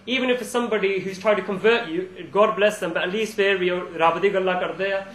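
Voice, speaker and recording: A young man giving a relaxed, informal talk to a student audience, telling personal stories and chuckling as he goes. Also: high voice, quick pace. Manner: chatty storytelling, with frequent restarts and chuckles. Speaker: invited speaker at a student society talk. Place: university lecture room. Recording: echoey room, live talk recording.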